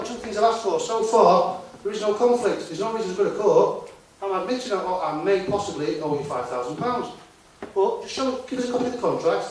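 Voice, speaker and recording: A man's voice: fairly high pitch, darkish tone. A man giving a talk to a conference audience in a conversational way, often putting rhetorical questions to the listeners. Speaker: conference speaker. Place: conference hall. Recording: echoey hall, distant mic, faint noise.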